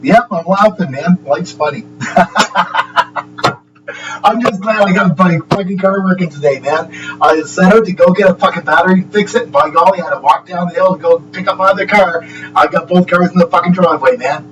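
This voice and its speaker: A man's voice: sits high, fairly quick, recorded from a distance, rough recording. A man chatting loosely on a livestream, swearing constantly and chuckling between sentences. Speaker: livestream host. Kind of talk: rambling casual chat. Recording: steady hum in the background.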